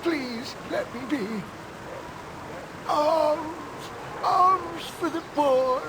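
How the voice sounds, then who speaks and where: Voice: high voice, extremely slow. A whining ragged beggar. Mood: pleading. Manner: whining, begging. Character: pleading ragged street beggar. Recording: game audio with loud background noise.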